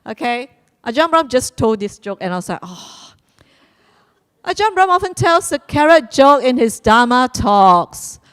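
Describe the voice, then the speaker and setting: A woman hosting a live quiz at a community celebration, playful and repeating her instructions, laughing now and then. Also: a little high. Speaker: quiz host.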